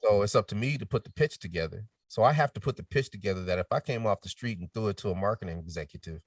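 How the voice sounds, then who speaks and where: A middle-aged man speaking as a podcast guest in casual chat, telling lively stories and switching into quoted voices, sometimes dropping to a near whisper. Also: fairly low pitch, fast, husky, no echo, studio quality, recorded from a distance. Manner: animated storytelling with quoted voices, drops to a near whisper to demonstrate.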